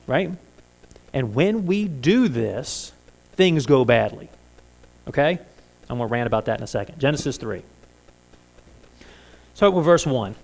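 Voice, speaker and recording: A man's voice: medium pitch, gravelly, darkish tone. A man preaching a sermon in a church, talking conversationally and asking the congregation many rhetorical questions. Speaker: pastor.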